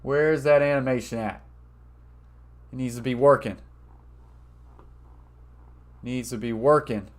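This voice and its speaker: Male stream host reading chat and thanking viewers, easygoing, perks up loudly for donations. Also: mid-range voice, takes it slowly, pauses often. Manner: reads chat messages aloud and thanks viewers, gets loud and excited over donations. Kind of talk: casual live-stream chat reading comments.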